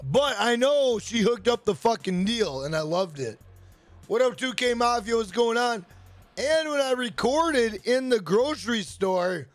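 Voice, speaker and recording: A man with a strikingly high voice chats on his livestream, cursing freely as he rambles through stories and shouts out viewers. His voice sounds dry and close, with faint music playing underneath. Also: animated, measured pace, no room sound. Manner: profane, rambling storyteller greeting chat by name. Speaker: livestream host. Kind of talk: casual livestream chat.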